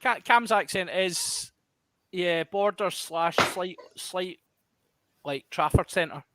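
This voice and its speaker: A man's voice: sits high, slow pace, sharp tone, no echo. A Glaswegian man hosting a podcast in casual chat, jokey and self-mocking. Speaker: podcast host.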